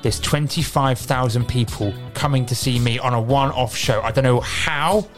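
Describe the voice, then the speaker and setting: A man hosting a radio show, rambling and joking, stammering when excited. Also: medium pitch, normal speed, faint music behind. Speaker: radio host. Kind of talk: playful radio banter.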